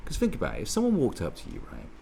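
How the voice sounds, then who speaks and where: A man rants sarcastically into the camera, stumbling over restarts and swearing as he goes. His voice is low and gravelly, and it jumps around in a lively way. There is a faint hiss under it. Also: rapid-fire. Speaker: political commentator. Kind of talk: ranting monologue.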